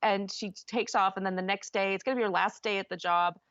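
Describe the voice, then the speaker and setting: A woman's voice: mid-range voice, fairly even intonation, quick pace, a bit bright, dry recording. A woman co-hosting a podcast, gushing and rambling emotionally in casual chat. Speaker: podcast co-host. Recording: dull, dry lo-fi sound.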